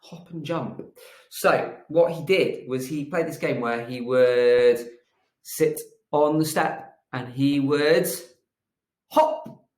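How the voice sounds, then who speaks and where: A man teaching a phonics lesson to young children, telling a gentle, animated story. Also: mid-range voice, slow pace. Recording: echoey room.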